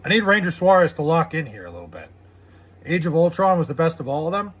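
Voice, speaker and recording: A man streaming live from home, talking casually to his chat. His voice sits high and sounds bright and a little husky. He swears freely and vents about the game. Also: very animated, fast talker. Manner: profane, frustrated, reads chat aloud. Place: home room with TV.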